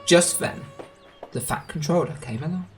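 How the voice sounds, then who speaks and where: A man reading a children's storybook aloud in a gentle, expressive way. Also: a little high, moderate pace, faint music behind.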